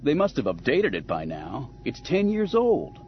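A man's voice: medium pitch, huge pitch swings, normal speed. A man voicing a cocky, roguish male smuggler pilot with a dry, laid-back manner, in a slightly dull recording with faint hiss. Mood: wry.

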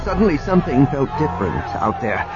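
Expressive male audiobook narrator. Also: mid-range voice, a little fast, over a noisy crowd. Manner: dramatic, expressive reading. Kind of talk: scripted narration. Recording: dull lo-fi recording with music.

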